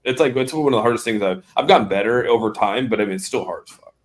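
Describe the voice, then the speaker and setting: A man's voice: lowish voice, fast talker. A man co-hosting a casual livestream chat who rambles, swears a lot and often trails off mid-sentence.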